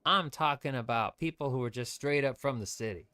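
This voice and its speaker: A man's voice: medium pitch, fairly quick, pushed and bright. A man streaming gameplay, ranting with strong opinions in loose, rambling commentary. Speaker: VTuber streamer.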